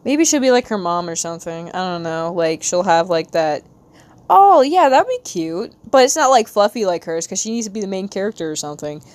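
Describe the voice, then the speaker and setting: Chatty Southern-tinged woman streamer. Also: mid-range voice. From United States. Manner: rambling, talks to herself, quick bursts of excitement. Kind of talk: casual live-stream chat while drawing.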